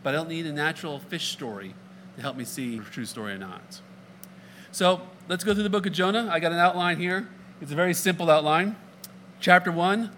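A man's voice: on the high side, brisk, a bit bright, a little hiss or hum. A man preaching a sermon, reading scripture aloud and telling the story in a conversational, jokey way, acting out lines of dialogue.

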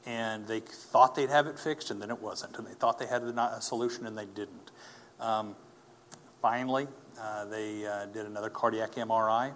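A low-voiced man recounts his testimony earnestly, pausing and restarting often. A faint hiss of noise sits under his voice. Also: fairly even intonation, fairly bright tone. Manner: earnest, halting, with many fillers and restarts. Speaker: speaker telling his testimony. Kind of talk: personal testimony talk.

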